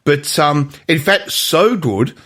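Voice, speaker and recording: A man's voice: fairly high pitch, lively intonation, slow pace, a bit bright. A man co-hosting a film podcast in casual chat, explaining at length with many restarts. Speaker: podcast co-host.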